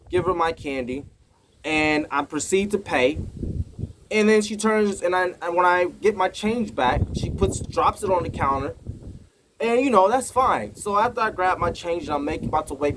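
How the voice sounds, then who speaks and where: A man with an American accent speaks in a casual vlog, retelling his own story with emphasis and indignation. His voice sits fairly high for a man. A faint hiss runs under the recording. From United States. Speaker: vlogger.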